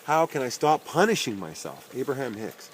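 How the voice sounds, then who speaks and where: A man's voice: medium pitch, very animated, moderate pace, slight background noise, low-quality recording. A man reading aloud a long list of self-help titles and their authors, with dry, wry asides and his voice dropping on each name.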